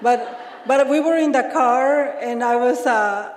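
Laughing woman in an echoey hall. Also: a little high. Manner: laughing often, halting restarts. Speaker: conference panel speaker. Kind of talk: personal recovery share. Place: large conference hall.

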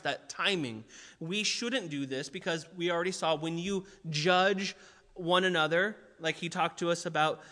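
Bright-voiced young male preacher in a hall. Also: high voice. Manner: conversational, animated, full of fillers. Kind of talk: sermon with personal story. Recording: long hall reverb.

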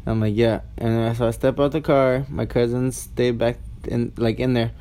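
A man's voice: mid-range voice, little pitch movement, moderate pace, dark tone. Rambling, profane eighteen-year-old guy. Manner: rambling, profane, full of "like" and restarts. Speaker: storyteller. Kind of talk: casual storytime monologue.

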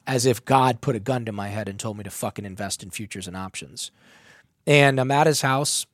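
A man recounts a personal story in a candid, heavily profane way, his voice rising as he gets worked up. His voice sits somewhat low. The sound is dry and close. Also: fairly quick, no echo. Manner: emotional, profane, animated storytelling.

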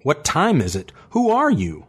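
A defiant, impatient woman artist, put on by a man fires off sharp, disbelieving questions in a much higher, husky voice. The performance stays brisk and edgy throughout this audiobook scene. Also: wildly swooping pitch, heavily acted.

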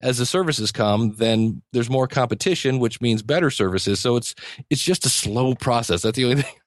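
Guest: man, middle pitch, eager and rambling, chuckles often, dry close sound. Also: moderate pace, no echo. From United States. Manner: rambling and enthusiastic, many restarts and chuckles. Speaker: podcasting teacher, guest. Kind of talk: conversational interview.

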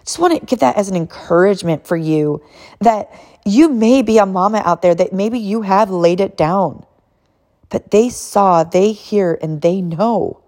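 An emotional, animated family story comes from a mother in her thirties, who laughs often and cheers on other mothers. Her pitch is medium and her delivery unhurried.

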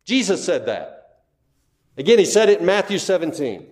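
Male pastor, bit higher pitch, emphatic teaching tone, rhetorical questions. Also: very animated, normal speed, a little mellow. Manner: emphatic, repeats key phrases, asks the listeners questions. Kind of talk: expository Bible teaching.

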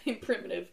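A young woman co-hosts a casual movie podcast, her voice sitting a little high. She tells stories with lively animation and laughs often. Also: creaky. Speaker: podcast co-host. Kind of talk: casual movie-review chat.

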